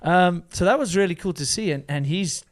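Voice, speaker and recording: A man's voice: high-pitched, a little fast. A man hosting a podcast in casual, enthusiastic chat, laughing often and restarting sentences. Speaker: podcast host.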